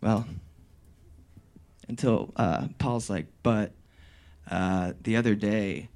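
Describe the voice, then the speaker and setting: A young man telling a comic personal story on stage, animated and swearing, laughing and breaking into shouts. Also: lowish voice, slow pace. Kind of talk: live comedic storytelling.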